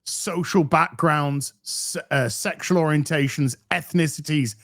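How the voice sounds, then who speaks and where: A man's voice: on the high side, a little slow, fairly bright tone, no echo, clean studio sound. A man speaking as a guest on a live stream, ranting heatedly and swearing. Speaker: guest commentator. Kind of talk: casual live stream chat.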